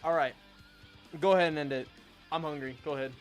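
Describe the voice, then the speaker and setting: Male streamer, casual stream chat, excitable, cussing, a bit high-pitched, faint music behind. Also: fast. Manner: excitable, swears and laughs a lot.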